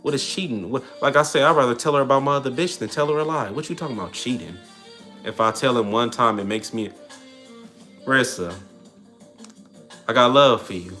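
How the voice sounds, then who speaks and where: A man's voice: medium pitch, a little fast, soft background music. Blunt streetwise man on a livestream. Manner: blunt, streetwise, animated preaching to chat. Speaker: livestream host. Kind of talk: casual livestream advice talk.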